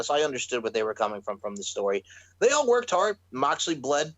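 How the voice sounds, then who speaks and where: A man hosting a wrestling podcast in animated, profane, casual chat, laughing often as he talks. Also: on the high side, fast, poor audio. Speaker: podcast host.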